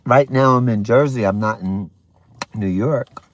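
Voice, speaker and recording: A mid-range voice at a measured pace, with a little background noise, belongs to a livestream host chatting casually with viewers on a morning stream. Between bites of breakfast, the host keeps up the chatter and throws in sassy, playful asides.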